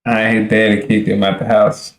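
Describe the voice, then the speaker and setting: Low-voiced streamer in an echoey room. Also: male voice, flat delivery, moderate pace, a crowd in the background. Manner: blunt, slangy asides to viewers. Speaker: live-stream host reacting. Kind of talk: casual live reaction commentary.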